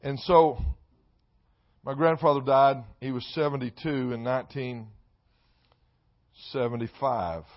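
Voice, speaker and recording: A man preaching a sermon, repeating key phrases and swinging between quiet asides and shouted emphasis. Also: mid-range voice, a little slow, long pauses. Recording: dull lo-fi sound.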